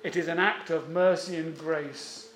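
High-voiced man preaching in an echoey room. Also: steady tone, a bit bright, a little hiss or hum. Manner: measured, emphatic, drawn-out stresses. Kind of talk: sermon.

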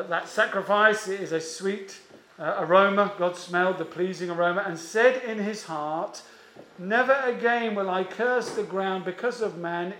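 A man preaching a sermon in a church, measured and emphatic, with slow drawn-out stresses and frequent "uh" pauses. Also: sits high, a bit bright, roomy sound.

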